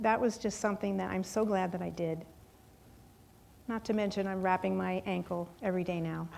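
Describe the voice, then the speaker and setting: A woman in her fifties telling a lively personal story in a sermon, acting out voices and laughing often. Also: medium pitch, vocal fry, a little hiss or hum. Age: 50s. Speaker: guest speaker at a church service.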